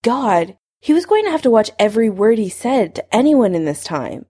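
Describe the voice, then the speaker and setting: A woman narrating a fan fiction story aloud in an expressive, conversational reading style. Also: on the high side, moderate pace, breathy edge.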